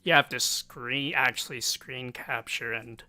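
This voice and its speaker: A man's voice: mid-range voice, fairly even intonation, a little slow, hardly any pauses, bright, forceful tone, dry recording. An American man streaming live while drawing, rambling to himself in a self-mocking, offhand way.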